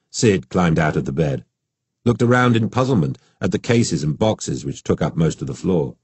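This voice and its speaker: Man narrating an audiobook, deep husky voice, steady pace, dry close mic. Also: dry recording. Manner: measured, steady storytelling.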